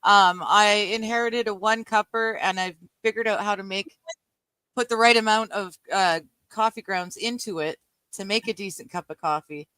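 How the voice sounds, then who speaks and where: A woman's voice: mid-range voice, moderate pace, sharp tone, clean tone, no echo. A woman chatting on a live stream who rambles through everyday errands with plenty of fillers. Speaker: stream guest. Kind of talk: casual live-stream chat.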